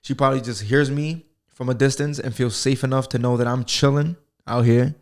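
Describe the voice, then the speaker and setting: A man's voice: mid-range voice, steady tone, a little fast. An American man hosting a solo podcast from home, talking alone into a microphone in a rambling, profane, joking way. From United States. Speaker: podcast host. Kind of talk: casual solo podcast monologue.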